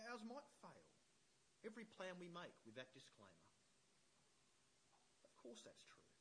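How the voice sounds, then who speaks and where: A man preaching a sermon, emphatic and animated, checking in with the congregation with frequent "yeah?" questions. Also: a little high, a little hiss or hum, poor audio. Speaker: pastor.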